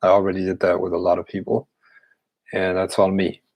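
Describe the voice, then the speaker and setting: A man's voice: low voice, completely flat delivery, a little fast, muffled recording. A man speaking as an occultist, answering viewer questions in a casual live Q&A, blunt and profane, with scoffing laughs.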